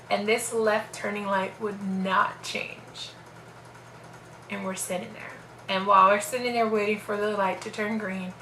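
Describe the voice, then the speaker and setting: A woman's voice: mid-range voice, echoey room, a little hiss or hum, rough recording. A young woman casually telling a personal story on her vlog, acting out what people said. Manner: animated, acts out quoted voices.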